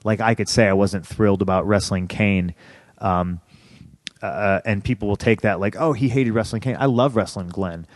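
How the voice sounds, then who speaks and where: Podcast guest, man, 30s, low voice, profane and heated storyteller, dry close mic. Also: normal speed, no room sound. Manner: profane, heated, animated retelling with rising outbursts. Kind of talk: candid storytelling interview.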